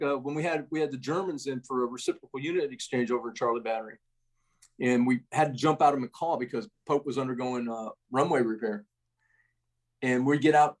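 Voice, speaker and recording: A middle-aged man, a retired army first sergeant, telling salty stories in a casual, animated way and tossing "man" into almost every sentence. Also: mid-range voice, fairly quick. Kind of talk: casual storytelling.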